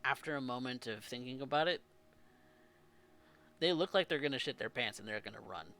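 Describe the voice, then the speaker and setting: A man's voice: medium pitch, a little fast. A man narrating a tabletop role-playing game as game master, restarting phrases as he goes. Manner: animated narration with frequent restarts.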